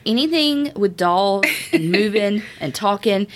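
Wry, joking woman with lively pitch. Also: background noise. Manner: wry, quick with jokey asides, swears casually. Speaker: podcast co-host. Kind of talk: casual chat.

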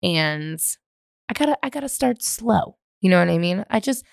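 With a gravelly, fairly low voice at a moderate pace, a thirtysomething woman from San Francisco tells a story from when she was a teenager. She's hosting her solo podcast from her living room, rambling animatedly, swearing, and leaning heavily on "like." The studio-quality audio has no room sound.

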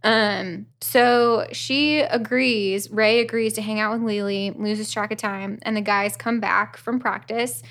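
A woman's voice: medium pitch, fairly bright tone. A woman co-hosting a podcast, recapping a book in casual chat with a wry, self-deprecating humor and frequent laughter. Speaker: podcast co-host.

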